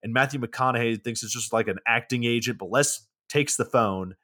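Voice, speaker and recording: A man in casual podcast chat, walking through a movie scene by scene in a loose, rambling way. He swears freely and fills gaps with "you know" and "like." His voice sits at a middling pitch for a man. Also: moderate pace, sharp tone. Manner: loose and profane, lots of fillers. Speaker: podcast co-host.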